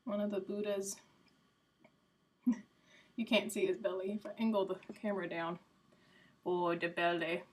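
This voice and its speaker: A woman's voice: medium pitch, steady tone, normal speed, long pauses, slightly rough. Chatty woman streamer, mid-range voice. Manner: chatty and rambling, answers viewers by name; coos softly to her cat. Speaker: live streamer. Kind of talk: casual chat with a live audience.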